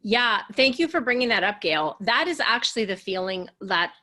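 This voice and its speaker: A woman's voice: medium pitch, animated, normal speed, bright, forceful tone. A woman relationship coach leading an online coaching session, earnest and encouraging, sometimes acting out the voices of people she describes.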